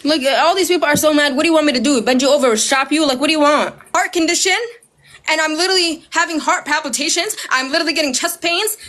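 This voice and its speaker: A woman ranting straight to camera, loud and heated, swearing constantly and mimicking her critics with sarcasm. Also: sits high, fast talker. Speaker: social media creator. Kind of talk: ranting direct-to-camera video.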